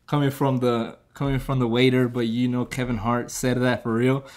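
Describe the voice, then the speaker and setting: A man's voice: mid-range voice, little pitch movement, normal speed. A man casually retelling a movie's plot, rambling with lots of fillers and chuckling at his own jokes. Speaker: movie reviewer.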